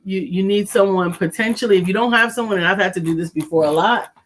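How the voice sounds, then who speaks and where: An American woman co-hosting a casual chat show, playful and bursting into sung shout-outs for listeners. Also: medium pitch, fast talker, a little hiss or hum. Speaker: co-host. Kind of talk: casual chat with improvised singing.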